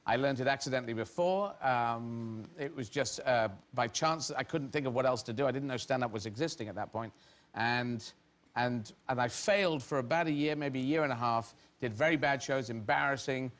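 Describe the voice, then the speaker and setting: Rambling talk-show anecdotes come from a middle-aged English comedian guest who often stops partway and laughs through them. His voice is medium-pitched, a bit bright, at normal speed.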